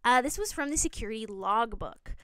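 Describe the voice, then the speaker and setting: Young woman, casual explainer, rambling and jokey, slightly high voice, phone recording. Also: expressive, a little fast, a bit bright, clear, resonant tone, no echo. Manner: rambling, self-correcting, jokey asides. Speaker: video essay host.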